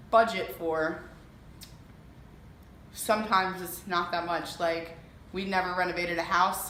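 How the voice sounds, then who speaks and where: A young woman giving a casual walkthrough of her home renovation, chatty and filling pauses with lots of ums. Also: fairly low pitch, a bit bright, a little hiss or hum. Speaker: homeowner giving a renovation tour. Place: empty house under renovation, indoors. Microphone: camera mic held by another person. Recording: echoey bare room, voice off-mic.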